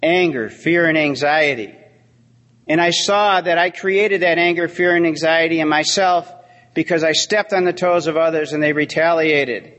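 A middle-aged man shares his recovery story at a meeting, sincere and wry by turns. His voice sits a little high. A long hall reverb trails each phrase. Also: moderate pace, fairly bright tone, dull audio. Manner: storytelling, heartfelt with dry humor. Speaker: AA speaker. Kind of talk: recovery talk.

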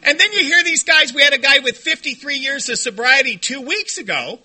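A man speaking to a recovery meeting, telling stories in an animated, joking way and shouting when he acts out what others said. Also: very high-pitched, a little fast. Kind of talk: storytelling talk to a meeting. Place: meeting room before a group.

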